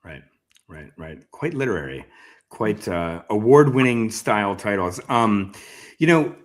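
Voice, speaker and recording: A man interviewing an author in a casual, halting way with many fillers. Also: on the low side, lively intonation. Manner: casual, hesitant, lots of fillers. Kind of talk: conversational interview.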